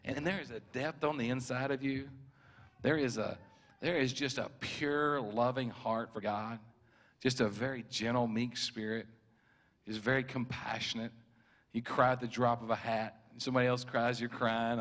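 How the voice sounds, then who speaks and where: A man, preaching prophetic words over one person in a church service. He speaks at a mid pitch, circling back over his phrases with stammered restarts and frequent chuckles. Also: steady tone, normal speed. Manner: warm, repetitive, stammering restarts, chuckles often.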